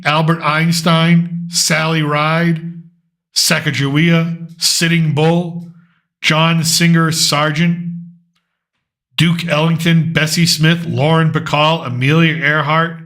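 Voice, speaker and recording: An American man hosts a casual political commentary show on his own. His voice sits a little high and rings bright and pushy. He rambles and thinks aloud as he works through lists. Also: steady tone, slow. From United States.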